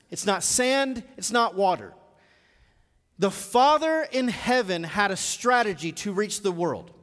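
High-voiced male pastor in a reverberant hall. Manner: builds from low, measured teaching to loud, rising exhortation. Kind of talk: live sermon. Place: church auditorium.

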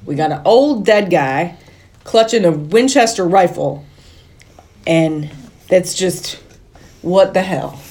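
A woman's voice: lowish voice, expressive, slow pace, pauses often, a little mellow. A woman co-hosting a podcast, recapping a film in a chatty, storytelling way. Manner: chatty storytelling, puts on voices when quoting. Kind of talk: casual chat, plot recap.

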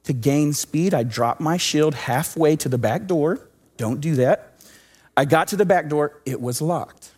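A man, a pastor from Southwest Texas, preaching a sermon and telling a personal story with animated swings between loud and hushed delivery. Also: fairly high pitch, measured pace, husky.

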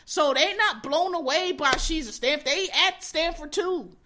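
Female commentator, bright and fairly high, loose profane storytelling. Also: unhurried, a little hiss or hum. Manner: animated, profane storytelling with acted-out quotes. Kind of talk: casual commentary.

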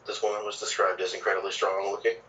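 A man's voice: deep voice, monotone, fast talker, sharp tone, poor audio. A man chatting dryly as a player in a tabletop game.

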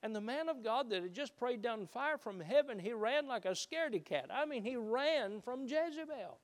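A man preaching a sermon, shifting between loud emphatic peaks and hushed low passages. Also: lively intonation, moderate pace. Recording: reverberant hall.

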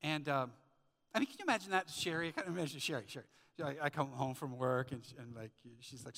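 A man's voice: mid-range voice, expressive, fairly quick, sharp tone. A man pastor preaching a sermon in a church sanctuary, telling stories and firing off rhetorical questions with emphasis. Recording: long church hall reverb.

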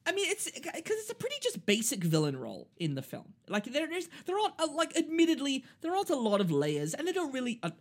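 A man's voice: very high voice, wildly swooping pitch, fast, few pauses. A man co-hosting a podcast, chatting casually about a film in a rambling, self-mocking way and laughing often. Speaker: podcast co-host. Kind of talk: casual film-review chat.

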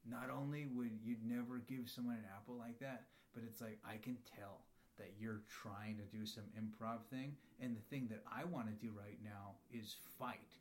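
A man's voice: lowish voice, steady tone, moderate pace, few pauses. A young man chatting casually as a podcast guest, rambling through stories and imitating people he meets. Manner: rambling storytelling, often mimics people. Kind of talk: casual chat.

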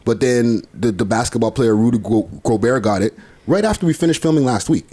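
A man's voice: mid-range voice, lively intonation, brisk, dark tone. A man hosting a casual podcast who steers the talk from topic to topic in a loose, chatty way. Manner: drives the topics, loose and chatty, many fillers. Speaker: podcast host. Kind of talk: casual chat.

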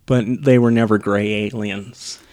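Low-ish voiced dude rambling sarcastically, um after um, casual podcast chat. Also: male voice, level tone, measured pace, darkish tone. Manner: sarcastic, rambling, lots of ums. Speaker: podcast co-host reviewing a film.

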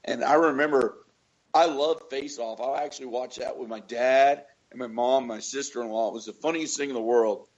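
A man's voice: mid-range voice, normal speed, highs cut off. Swearing man telling movie stories. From Florida. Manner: swearing storyteller, acts out quotes loudly. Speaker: podcast co-host. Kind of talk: casual chat.

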